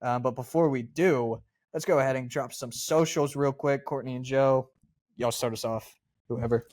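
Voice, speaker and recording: A man's voice: medium pitch, fairly even intonation, normal speed, darkish tone. Emphatic Southern man hosting sports talk. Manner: emphatic, rambling. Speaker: podcast host.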